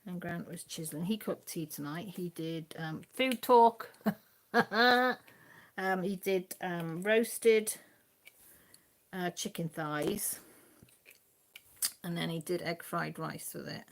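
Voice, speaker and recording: A woman's voice: on the low side, slow, a little hiss or hum. A woman hosting a casual live stream from home, rambling chattily to viewers and her dog, filmed on a phone. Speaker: crafting channel host. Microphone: phone filming.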